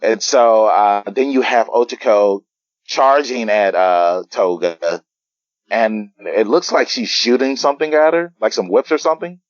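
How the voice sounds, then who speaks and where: A man guesting on a podcast, recapping a comic chapter in a halting, casual way with lots of fillers and restarts. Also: lowish voice, dry recording. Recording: dull lo-fi sound, dry.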